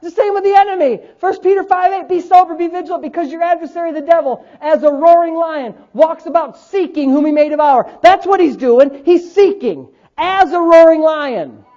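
A man preaching a sermon, quoting scripture and building to loud emphatic points. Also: very high-pitched, a little fast, few pauses, muffled recording. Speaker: pastor.

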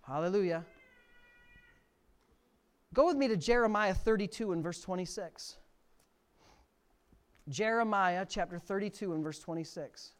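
A middle-aged male pastor preaching a sermon, swinging from quiet reading to near-shouted emphasis. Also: high-pitched, a little slow, pauses often, smooth. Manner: preaching with sudden loud rises to near shouting.

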